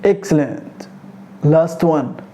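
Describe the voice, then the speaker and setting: A native Arabic-speaking man with an Egyptian accent leads a beginner pronunciation lesson. He talks very slowly and says each sound over and over, correcting common mistakes as he goes. His voice is soft and dark, and a faint background noise sits under it. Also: on the high side, animated. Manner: slow, repetitive drilling of sounds, corrective. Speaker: Arabic teacher.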